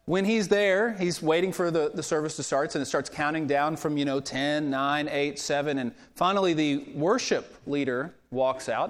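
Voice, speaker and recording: A pastor, male, preaches in a church sanctuary, recounting a story in a chatty way and livening up when he quotes other people. His voice sits a little high, and the hall's long reverb carries through the recording.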